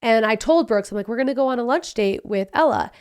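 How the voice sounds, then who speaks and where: Chatty woman podcaster, bright and lively. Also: on the high side, clear, resonant tone. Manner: chatty, animated storytelling with quick asides. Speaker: podcast host. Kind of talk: casual solo podcast chat.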